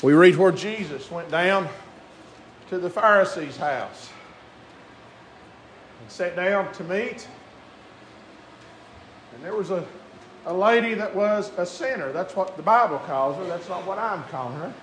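A man preaching a sermon, moving between quiet conversational asides and drawn-out shouted climaxes. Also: sits high. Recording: echoey room with faint crowd and noise.

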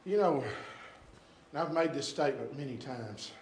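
An older man preaching a sermon in a small church, swinging between shouted exhortation and hushed, drawn-out phrases. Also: medium pitch, expressive, a little hiss or hum. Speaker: pastor. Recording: echoey church room, faint congregation.

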